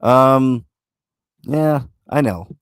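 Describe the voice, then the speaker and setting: A man's voice: medium pitch, very slow, clear, resonant tone, no echo. A man hosting a casual livestream, reading chat messages aloud and rambling with many fillers, restarts and swearing. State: talking with a mouth full of food.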